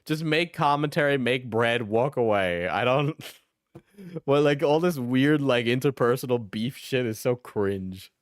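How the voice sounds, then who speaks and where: Blunt, profane streamer with a dry sound. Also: male voice, medium pitch, expressive, unhurried, no echo. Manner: blunt, profane, laughing often. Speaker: streamer reacting to commentary videos. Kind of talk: live reaction stream, casual chat.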